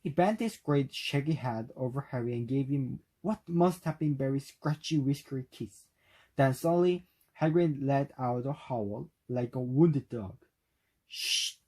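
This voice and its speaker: A man whose first language is Korean reading a novel aloud for speaking practice, at a careful, steady pace. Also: mid-range voice, moderate pace, low-quality recording. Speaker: reader.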